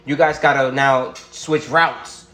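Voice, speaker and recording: A man's voice: medium pitch, steady tone, slow, fairly bright tone, echoey room. A man hosting a livestream video call, chatting casually and supportively, often saying "bro" and "you feel me". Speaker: livestream host.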